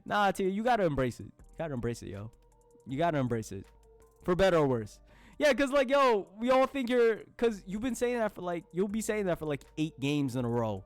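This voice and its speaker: A man streaming live, chatting casually with his viewers, laughing often and breaking into loud outbursts. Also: high voice, big pitch swings, fairly quick, soft background music. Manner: addresses chat as y'all, slangy.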